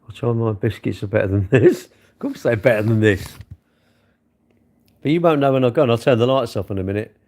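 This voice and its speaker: Middle-aged bloke, gravelly, very up-and-down delivery, chatting to a phone late at night. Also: male voice, medium pitch, expressive, fairly quick, long pauses, a little mellow. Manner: chatty, self-mocking, grumbling. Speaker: livestream host. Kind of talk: rambling late-night livestream chat. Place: bedroom at night.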